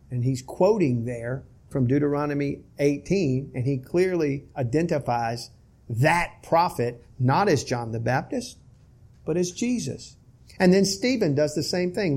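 A man preaching a sermon with a high, light voice and an unhurried, deliberate delivery. He leans hard into emphasis when quoting scripture, his voice climbing on the key words. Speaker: pastor.

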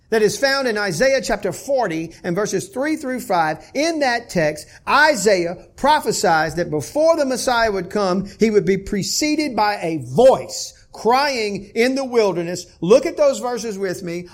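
A man preaching a sermon, reading scripture aloud and rising sharply in emphasis when he quotes it. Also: high voice. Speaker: pastor.

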